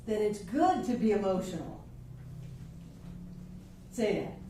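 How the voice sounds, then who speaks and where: A woman teaching a spiritual class to a live group, playful and animated, often acting out the voices people use on themselves. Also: medium pitch, slow pace. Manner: playful, acts out quoted inner voices, laughs often. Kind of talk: class lecture. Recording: echoey room from far off, faint noise.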